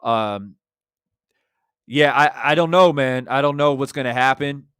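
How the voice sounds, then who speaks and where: A man's voice: mid-range voice, unhurried, a bit bright, clean tone, no room sound, clean studio sound. Brash man giving live boxing commentary. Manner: brash, confident, talks straight to viewers. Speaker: boxing YouTuber. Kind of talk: live-stream commentary reading super chats.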